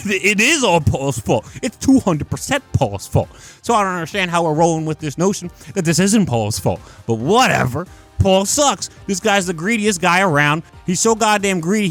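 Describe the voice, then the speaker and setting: A man's voice: high voice, fairly bright tone. A man hosting a casual commentary video, ranting in an exasperated, profane and mocking way. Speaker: comic commentary host.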